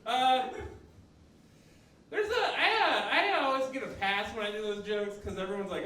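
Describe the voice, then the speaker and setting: A man's voice: high-pitched, animated, moderate pace, a bit bright, a little hiss or hum. A young man doing a stand-up comedy set in a small coffeehouse, rambling and self-mocking, laughing at his own jokes. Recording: echoey room, mic far off.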